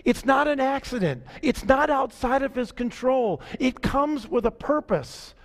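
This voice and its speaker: A man with a high-pitched voice preaches a sermon as the pastor. He talks in a relaxed, conversational way and slows down to stress his key lines. His voice carries a long reverb, as in a large hall.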